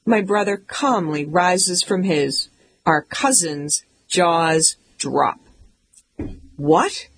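Low-voiced woman narrating a comic memoir. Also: slow, slight background noise, poor audio. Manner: emphatic, mock-indignant. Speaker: audiobook narrator.

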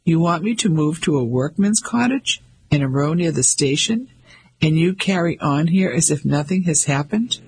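A proud middle-aged wife, clipped and affronted, with a very raspy, husky, gravelly edge, as a man reads her lines. Her voice sits a bit high and stays cold and controlled. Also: animated, normal speed.

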